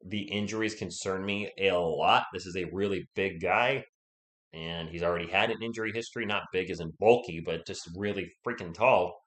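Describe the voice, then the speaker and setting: A man's voice: deep voice, normal speed, a bit bright. A man with a sore throat and a cough, hosting a casual live play-by-play stream and chatting with viewers between plays.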